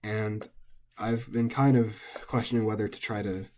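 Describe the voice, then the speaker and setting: An English-speaking language teacher gives a casual recorded lesson, thinking aloud with lots of ums and self-corrections. His voice is on the low side and darkish in tone, with fairly even intonation and a moderate pace.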